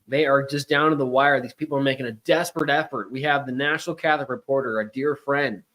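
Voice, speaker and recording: A man's voice: mid-range voice, steady tone, fast talker, fairly bright tone. A middle-aged man hosts a casual talk show in a chatty, emphatic way. He wanders into asides, and his voice sits in an ordinary mid range. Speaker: podcast host.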